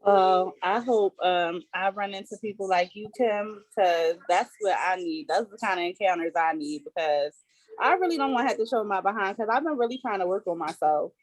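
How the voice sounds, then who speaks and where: A woman's voice: mid-range voice, moderate pace, no echo. A woman hosting a casual video call chat, talking in an earnest, emphatic, conversational way. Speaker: host.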